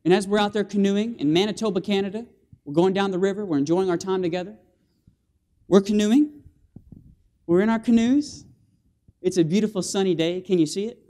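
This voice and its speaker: A man preaching an animated sermon in a church, calling for amens from the congregation and acting out scenes with sound effects. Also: high-pitched, fairly quick, long pauses. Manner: animated, with call-and-response and vocal sound effects. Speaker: guest preacher. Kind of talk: lively evangelistic sermon. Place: church sanctuary.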